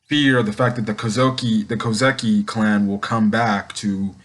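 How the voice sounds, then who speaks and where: A man's voice: lowish voice, flat delivery, moderate pace, a bit bright. A young man casually recapping and reviewing an anime episode, rambling, with many ums and restarts.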